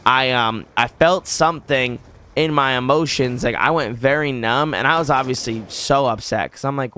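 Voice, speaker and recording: A man's voice: medium pitch, normal speed, pushed and bright, clean tone. A young man telling a personal story casually on his channel, with many fillers and quoted back-and-forth. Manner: loose, filler-heavy retelling with quoted dialogue. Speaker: video host.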